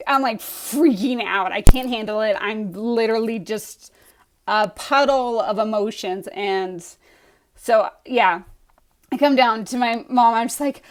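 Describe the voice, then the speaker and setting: Young woman storytime vlog, kinda high voice, super animated, keeps doing "i was like" bits. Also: moderate pace. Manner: animated, acts out her own reactions with lots of "I was like". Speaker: aspiring author telling her story. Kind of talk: casual storytelling to camera.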